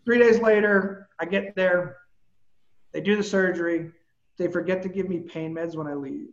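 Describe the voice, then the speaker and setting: Man, high voice, animated storyteller, casual and blunt, roomy dull recording. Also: normal speed. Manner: animated, vivid storyteller who swears casually. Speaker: guest, personal trainer. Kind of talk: casual storytelling in a podcast chat.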